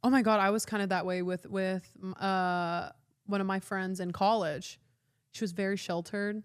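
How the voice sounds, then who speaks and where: A woman guest on a stream, chatting casually and reacting with quick quips. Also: mid-range voice, level tone, clean tone, dry recording, studio quality. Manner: reactive, laughs and chimes in with quips. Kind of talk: casual chat.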